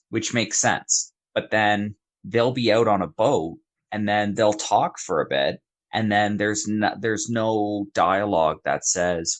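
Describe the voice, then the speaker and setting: A man's voice: lowish voice, measured pace. A man co-hosting a podcast, talking through a film in chatty, casual analysis. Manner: chatty, many fillers and restarts. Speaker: podcast co-host. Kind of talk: casual film review chat.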